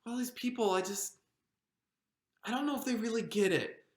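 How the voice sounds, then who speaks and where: A woman's voice: on the high side, moderate pace, a little mellow, natural voice. A woman pastor performing a devotional monologue as a frightened disciple of Jesus, anxious and stammering with many restarts. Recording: roomy echo.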